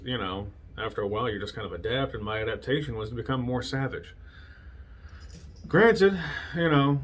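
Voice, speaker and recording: A man's voice: lowish voice, a bit bright. A man hosting a casual solo talk show, telling stories from his past bluntly and with lots of swearing, laughing at himself now and then. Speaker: podcast host.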